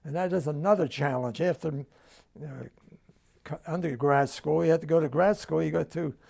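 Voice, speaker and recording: A man's voice: fairly high pitch, normal speed, gravelly, darkish tone. An older man with a New Jersey accent, telling family stories in an oral history interview at home and acting out the dialogue. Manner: storytelling, acts out quoted dialogue.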